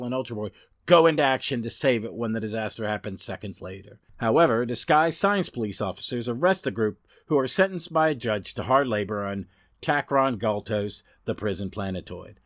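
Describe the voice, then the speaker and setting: A man's voice: mid-range voice, dry recording, studio quality. A man hosting a comic podcast, talking enthusiastically and reading aloud from a reference book with some restarts. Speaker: podcast host. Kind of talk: casual podcast talk.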